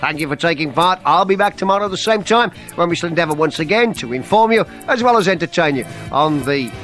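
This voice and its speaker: A man with a notably high voice hosts a morning radio phone-in. He keeps up jovial, teasing banter with callers and colleagues, and his delivery moves quickly from joke to joke. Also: expressive, a bit bright, soft background music. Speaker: radio breakfast show host.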